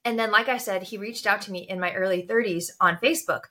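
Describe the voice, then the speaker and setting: A woman guest on a podcast, telling a personal story of forgiveness in an animated way, jumping high in pitch when she quotes herself. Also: fast. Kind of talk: personal testimony in conversation.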